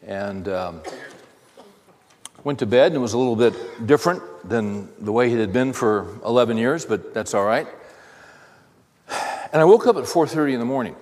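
A man hosting a talk, telling a personal story in a halting, restarting way that turns heated. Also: medium pitch, animated, darkish tone. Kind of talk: anecdotal monologue. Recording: long hall reverb.

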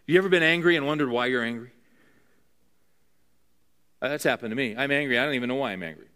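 A man preaching to a room full of men in an earnest, conversational way. He keeps turning to the listeners with questions. His pitch sits in the middle range for a man. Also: quick pace, sharp tone, clear, resonant tone. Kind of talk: sermon.

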